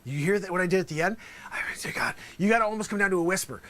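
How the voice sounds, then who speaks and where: A man's voice: sits high, lively intonation, very fast, a bit bright, a little hiss or hum. A male host acting out an improvised courtroom sketch as a lawyer, talking theatrically and dropping into whispers for emphasis.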